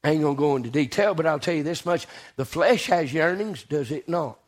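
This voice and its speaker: A man preaching a sermon with fervent swings from low murmurs to shouted peaks, repeating phrases and punctuating with amen. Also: brisk.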